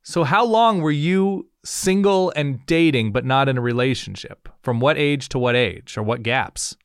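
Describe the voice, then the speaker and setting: With a smooth, medium-pitched voice and clean, echo-free studio sound, this thirty-something podcast co-host chats casually. He fires off probing questions in quick succession.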